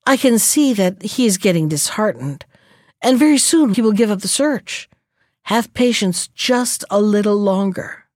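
A woman's voice: medium pitch, expressive, measured pace, darkish tone, dry recording, clean studio sound, natural voice. A woman doing a sly scheming jackal.

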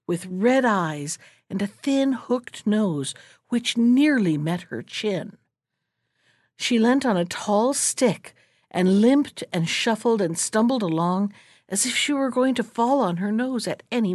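Slow expressive woman reading a fairy tale. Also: medium pitch, no echo, studio quality. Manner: expressive, unhurried. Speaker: storyteller. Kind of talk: storybook read-aloud.

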